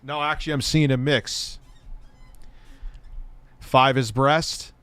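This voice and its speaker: A man's voice: medium pitch, steady tone, slow, a bit bright, smooth, no room sound. Rambling, foul-mouthed male streamer. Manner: rambling, profane, talks to chat. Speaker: streamer reacting to videos. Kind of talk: casual live-stream chat.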